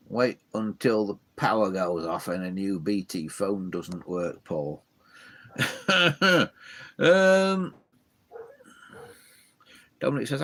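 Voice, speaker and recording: Guy rambling thru his live chat from the loft, lots of ums, bit of a gravelly voice, pitch bouncing around. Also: fairly bright tone. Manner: rambling, chatty, many fillers and restarts. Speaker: live stream host. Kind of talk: casual live-stream chat, reading viewer comments. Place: home loft full of old telephones.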